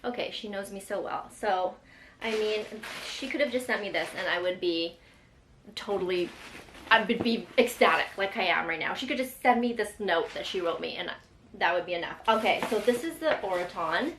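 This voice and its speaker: A young woman talks through an unboxing in a gushing, chatty way, with fillers and moments where she sounds close to tears. Her voice sits at an ordinary pitch for a woman. The room is echoey, with a faint hum of ambience behind her. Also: animated, moderate pace, fairly bright tone. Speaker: lifestyle vlogger. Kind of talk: excited unboxing chat.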